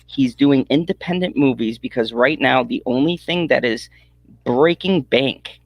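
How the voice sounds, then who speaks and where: A man's voice: medium pitch, measured pace, gravelly, no echo, muffled recording. A man hosting a podcast, chatting casually and brashly, reading out comments. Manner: animated, brash and laughing. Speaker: podcast host.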